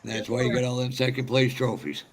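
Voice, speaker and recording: A man's voice: mid-range voice, level tone, fairly quick, creaky, slight background noise. A man in casual, teasing chat on a live stream. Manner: joking, teasing.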